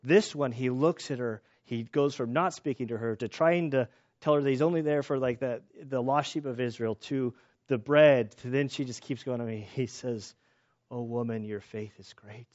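A man preaching a sermon in a casual, animated way, joking about himself and often restarting his sentences. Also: mid-range voice, moderate pace. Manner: casual, animated, self-deprecating jokes, many restarts. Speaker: pastor. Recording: slightly dull lo-fi sound.

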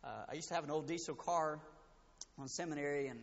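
A man preaching a sermon as pastor, swinging from loud, emphatic declarations to hushed, intimate passages. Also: a little high, quick pace, vocal fry. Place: church sanctuary. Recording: dull sound with long hall reverb.

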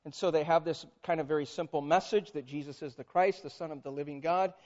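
A man preaching a sermon as pastor, animated and conversational, drawing the congregation in with questions. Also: a little high, quick pace, muffled recording. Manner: animated, conversational, quizzes audience.

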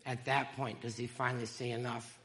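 A man giving an emotional, halting church testimony, with fillers and small laughs. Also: medium pitch, level tone, a bit bright, in a large hall, a little hiss or hum.

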